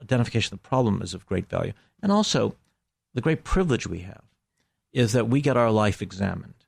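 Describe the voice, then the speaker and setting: Gravelly, measured middle-aged man. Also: fairly low pitch, expressive, dry recording, clean studio sound. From United States. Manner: measured, hesitant, many fillers. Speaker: filmmaker guest. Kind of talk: reflective interview talk.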